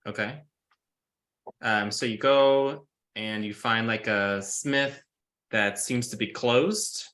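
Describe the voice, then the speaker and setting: A man's voice: on the low side, slow pace, fairly bright tone. A man narrating as game master in a casual tabletop session, describing scenes with many fillers.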